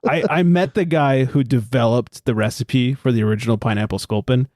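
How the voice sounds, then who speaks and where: A man's voice: medium pitch, a little fast, darkish tone, no echo, clean studio sound. A man hosting a casual podcast, telling stories in a chatty, profane way and acting out quoted voices. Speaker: podcast host.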